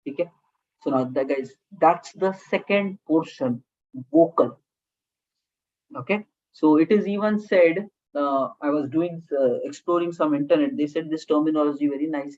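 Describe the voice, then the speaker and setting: Low-voiced Indian English woman lecturing. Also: animated, unhurried, darkish tone, highs cut off. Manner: talks in short phrases with frequent "okay?" check-ins, mixes Hindi into English. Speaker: communication skills trainer. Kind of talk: classroom lecture.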